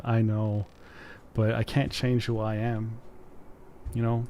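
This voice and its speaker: A man's voice: medium pitch, steady tone, slow, long pauses, mellow, clear, resonant tone. A man from Quebec casually commenting on a game he plays, joking with his chat and reading game text aloud. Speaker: gaming streamer. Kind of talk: casual let's-play commentary.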